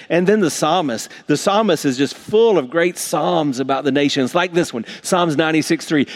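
A man's voice: fairly high pitch, moderate pace, few pauses. A man preaching a sermon to his congregation, earnest and emphatic, often repeating and restarting words. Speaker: pastor.

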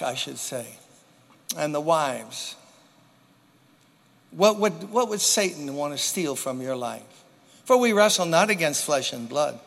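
A high, bright male voice preaching a sermon in a church. He leans on dramatic pauses and repeats key phrases for emphasis. A long reverb trails each line through the sanctuary. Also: vocal fry. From New York.

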